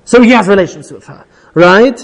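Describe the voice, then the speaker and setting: A man's voice: high-pitched, brisk, creaky. A man teaching an informal Bible class, retelling the story with energy, quoting Hebrew verses and checking in with "right?" as he goes. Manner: animated storytelling, quotes Hebrew verses then paraphrases, frequent "right?".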